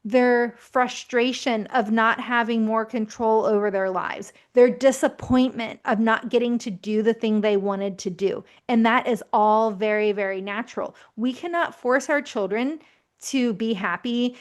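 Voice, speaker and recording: A woman in her thirties giving calm, reassuring parenting advice in a gently explanatory way. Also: on the high side, measured pace. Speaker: parenting educator.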